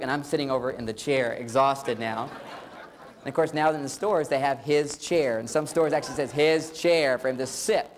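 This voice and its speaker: A man's voice: fairly high pitch, lively intonation, normal speed. A middle-aged man giving a humorous talk on relationships, playfully acting out little bits of dialogue. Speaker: relationship speaker. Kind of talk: humorous lecture.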